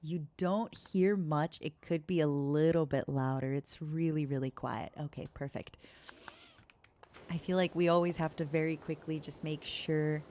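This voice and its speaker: Young woman, streamer, cozy soft chat, gentle, deep-ish voice. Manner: gentle, talks slowly and softly.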